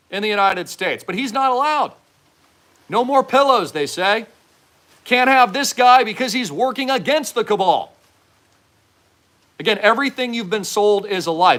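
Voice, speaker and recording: Higher-voiced man, fervent and preachy, pushing hard in a commentary monologue. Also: fairly bright tone. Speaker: host.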